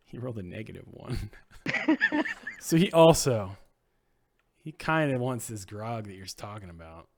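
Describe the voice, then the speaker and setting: Man running a tabletop game, lively up-and-down voice, laughs a lot, streamed from a home desk mic. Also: fairly low pitch, a little slow, pauses often. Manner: laughs often, animated rulings. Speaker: game master.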